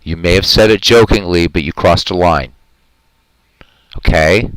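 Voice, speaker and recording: A man's voice: sits low, measured pace, dry recording, low-quality recording. A man hosting a live stream in casual chat, talking in an earnest, rambling, heartfelt way and answering his viewers' comments.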